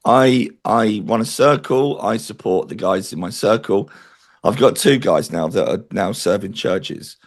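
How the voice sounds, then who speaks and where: A man's voice: on the low side, lively intonation, measured pace, creaky. A man interviewed as a spiritual medium, talking in an earnest, chatty way and telling stories. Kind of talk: interview conversation.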